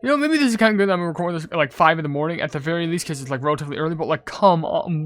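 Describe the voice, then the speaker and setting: Guy rambling thru a gaming video, kinda high voice, tons of like and you know, gets pretty worked up. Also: very fast, few pauses, dry recording, faint music behind. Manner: gets loud and excited over game pulls. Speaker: gaming YouTuber. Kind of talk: casual gaming commentary reading comments.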